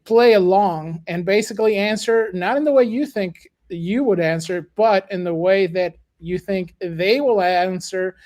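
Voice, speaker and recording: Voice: mid-range voice, unhurried, hardly any pauses. Podcast cohost reading stuff out, lots of uhs, laid back. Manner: relaxed, hesitant with many uhs. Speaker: podcast co-host. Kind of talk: casual chat.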